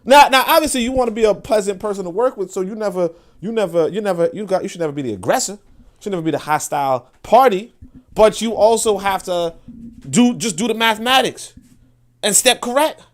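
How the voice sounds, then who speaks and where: A man's voice: high-pitched, a little fast. A man, hosting a podcast in a blunt, profane, casual monologue that often restarts and repeats words. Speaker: podcast host.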